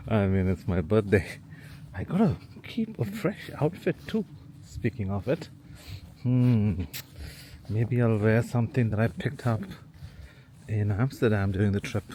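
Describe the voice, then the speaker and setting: A man's voice: lowish voice, expressive, a little slow, long pauses. A man in his forties, a travel vlogger, talking casually to his camera outdoors and laughing at himself often. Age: 40s. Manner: chatty and self-deprecating, laughs often. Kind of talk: casual vlog talk to camera. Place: outdoors on a road trip, by a van and on hikes. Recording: loud outdoor wind and vehicle noise.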